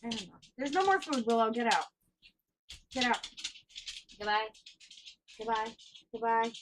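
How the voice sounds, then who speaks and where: A woman's voice: fairly high pitch, measured pace, background noise. A woman co-hosting a casual livestream chat from her home, laughing, swearing and scolding her dogs. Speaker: co-host. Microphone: headphones and desk mic.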